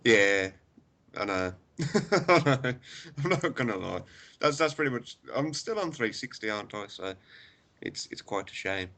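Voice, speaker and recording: Laid-back man with a lively voice. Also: lowish voice, unhurried. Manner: laughs easily, laid-back. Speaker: podcast co-host. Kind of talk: casual chat.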